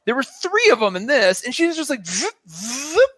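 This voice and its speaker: A man with a notably high voice chats excitedly on a podcast, riffing and animated. The sound is dry and close to the mic. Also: fast, dry recording. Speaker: podcast co-host. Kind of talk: casual chat.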